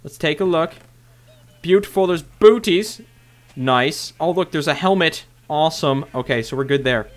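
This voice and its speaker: A young man casually narrating his own game play to viewers, chatty and bursting into loud excited shouts. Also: fairly high pitch, normal speed, hardly any pauses. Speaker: gaming video host. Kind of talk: casual Minecraft let's play commentary.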